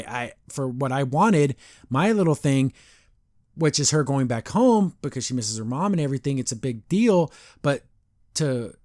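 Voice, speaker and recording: A man hosting a podcast, casually recapping a cartoon episode in a rambling, animated way, acting out the characters' lines. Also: medium pitch, no room sound, clean studio sound.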